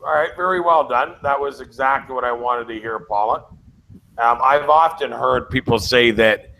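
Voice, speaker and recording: A man's voice: medium pitch, normal speed, gravelly, bright, forceful tone, slight background noise, rough recording. A man hosting a casual online talk, jokey and emphatic, asking his guests questions. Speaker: host.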